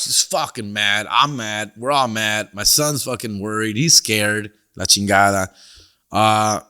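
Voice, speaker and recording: Telling a story on his podcast, a middle-aged comedian host uses casual slang, mixes in Spanish, and keeps saying "fool" and "dog". His voice is on the high side, bright and forceful.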